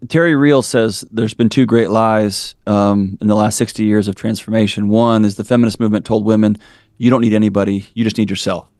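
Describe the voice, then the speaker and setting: A man's voice: on the low side, fairly even intonation, fairly quick, darkish tone, no room sound, studio quality. A man in his forties, a podcast guest, talking candidly and bluntly, building his points up with preacher-like fervor. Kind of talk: candid interview storytelling.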